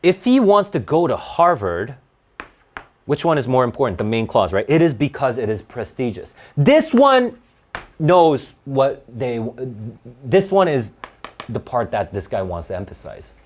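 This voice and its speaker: A man's voice: mid-range voice, big pitch swings, measured pace. A man teaching a grammar lesson to a class, restarting words often and checking in with "right?".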